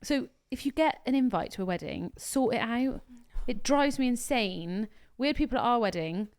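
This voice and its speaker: A woman co-hosting a podcast in a casual chat, blunt and animated, telling stories full of quoted dialogue. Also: on the high side, moderate pace, smooth. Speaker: podcast co-host.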